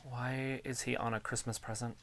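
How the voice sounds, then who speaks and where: A woman's voice: extremely low pitch, little pitch movement, normal speed, no echo. A woman co-hosting a casual live watch-along stream, making offhand remarks on the action. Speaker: stream co-host.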